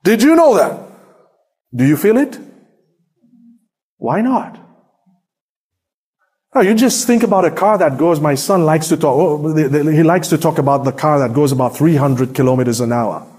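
A man preaching a sermon with slides, firing rhetorical questions at the congregation and swinging between loud exclaiming and hushed low tones. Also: moderate pace, pauses often, husky. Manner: emphatic, asks the congregation many rhetorical questions.

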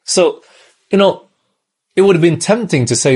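A man's voice: high-pitched, moderate pace, long pauses, darkish tone, slightly rough. A man from Australia, preaching a sermon in a conversational way and often checking in with the listeners. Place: church in Malaysia.

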